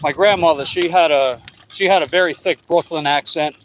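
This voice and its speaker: A man's voice: on the high side, moderate pace, slight background noise. A middle-aged man with a Long Island New York accent, chatting casually and reading viewer comments while riding an e-bike on the road. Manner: chatty, reads viewer comments aloud, rambling restarts. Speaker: delivery rider vlogger.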